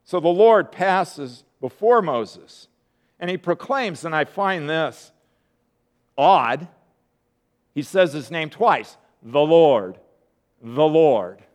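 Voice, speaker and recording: A middle-aged male preacher with a notably high voice delivers a sermon. He talks in a plain, conversational manner and leans on repeated words for emphasis. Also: animated, slow, pauses often.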